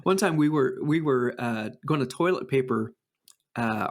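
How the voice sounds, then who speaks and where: A man co-hosting a podcast who tells stories in a casual, animated way, with frequent fillers and restarts. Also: mid-range voice, a little slow. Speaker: podcast co-host. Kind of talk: casual chat and storytelling.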